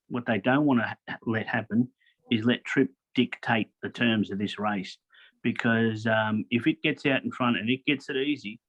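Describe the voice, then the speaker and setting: Aussie bloke, mid pitch, plain steady punting chat, muffled lo-fi sound. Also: male voice. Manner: steady, explains form plainly with fillers like "look" and "um". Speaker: podcast co-host giving racing tips. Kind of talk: casual chat. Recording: slightly dull, lo-fi audio.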